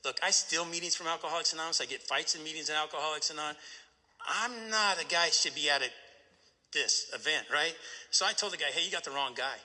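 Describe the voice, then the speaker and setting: A man speaking at a recovery meeting, telling a personal story in an animated way and often asking "right?". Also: a little high, quick pace, big-room sound.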